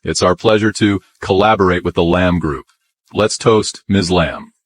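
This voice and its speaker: Deep, jovial businessman, very low voice, dry. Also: a little slow, no echo. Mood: hearty. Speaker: business partner. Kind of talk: dubbed drama dialogue.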